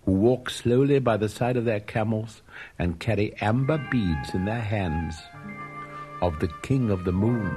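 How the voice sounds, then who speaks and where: A man narrating a storybook with expressive, dramatic delivery. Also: fairly low pitch. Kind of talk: storybook reading.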